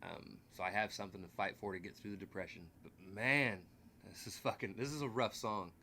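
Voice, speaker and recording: A man's voice: lowish voice, fairly quick, pushed and bright, slight background noise. A man hosting a music reaction video, talking candidly and loosely, with casual swearing.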